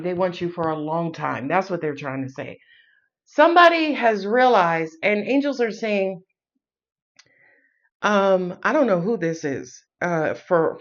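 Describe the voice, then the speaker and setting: A woman's voice: lowish voice, muffled recording. A woman with a New York accent giving a casual tarot reading in a sassy, playful way, swearing and laughing as she goes. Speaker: tarot reader.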